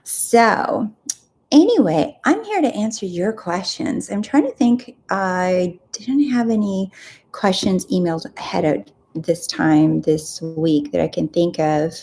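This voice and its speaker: Earnest woman coaching live, low voice. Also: lively intonation, takes it slowly, dark tone. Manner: earnest, encouraging, repeats phrases. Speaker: host.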